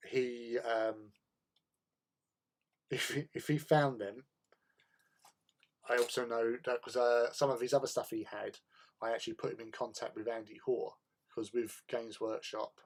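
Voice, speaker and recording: A man hosting a hobby livestream, chatting casually with viewers in a rambling way and laughing often. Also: lowish voice.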